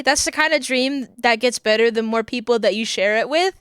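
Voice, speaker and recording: High-voiced giggly woman streamer. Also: a little fast, hardly any pauses, a bit bright, clear, resonant tone, dry recording, clean studio sound. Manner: rambling, giggly, searches for words. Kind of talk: casual chat with viewers.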